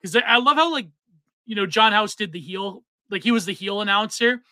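High, bright-voiced man chatting on stream. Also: fairly quick, no echo. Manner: rambling, many fillers and restarts. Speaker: podcast co-host. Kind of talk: casual chat on a livestream.

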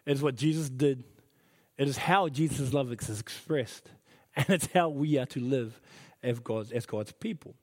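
A man's voice: mid-range voice, unhurried. A middle-aged man preaching a sermon as pastor, earnest and emphatic, repeating his key phrases. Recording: reverberant hall.

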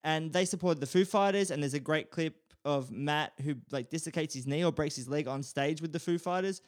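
A man's voice: fairly high pitch, fairly quick. Rambling podcast co-host, a man. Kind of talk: casual chat.

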